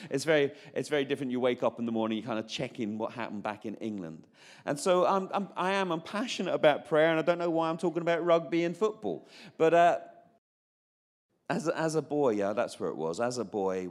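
A Northern Irish man in his fifties preaching a personal testimony, chatty, with asides and restarts. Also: medium pitch. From Northern Ireland. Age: 50s. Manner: chatty, self-interrupting, jokey asides.

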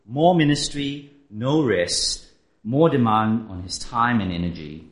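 A man's voice: mid-range voice, measured pace. A man preaching a sermon in a conversational style that poses many rhetorical questions to the listeners. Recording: roomy echo.

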